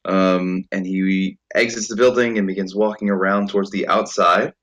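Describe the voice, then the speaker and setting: A man narrating a tabletop role-playing game as game master, relaxed and full of ums. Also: low voice, moderate pace, lo-fi sound. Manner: relaxed, lots of ums and uhs.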